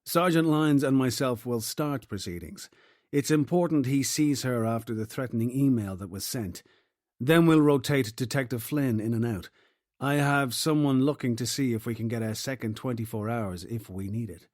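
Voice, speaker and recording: A man voicing a commanding detective chief giving orders with brisk, dry humour. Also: medium pitch, a little mellow, dry recording, close to an everyday voice. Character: wry, commanding male detective boss.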